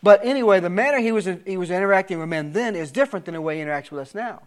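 Talking very fast in a slightly high voice, a male preacher works through a Bible study one verse at a time. Scripture gets read with mounting emphasis before he shifts to plain explanation, often starting over and repeating words.

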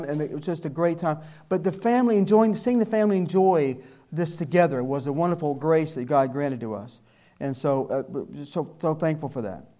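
A man's voice: a little high, darkish tone. An older man giving a sermon, telling folksy personal stories and acting out the people he quotes. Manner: folksy storytelling, acts out quoted voices. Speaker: church speaker.

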